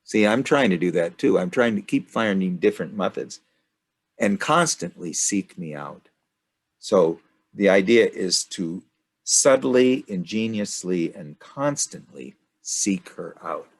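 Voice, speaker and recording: Low husky older man, rambling. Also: lively intonation. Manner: rambling, halting, many restarts. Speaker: study group leader. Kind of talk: casual group discussion.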